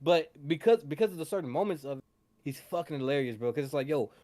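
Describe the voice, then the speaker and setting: A man's voice: a little high, lively intonation, quick pace, warm tone. A young man co-hosting a podcast, chatting casually about a film and acting out scenes in raised voices. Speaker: podcast co-host. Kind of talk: casual chat.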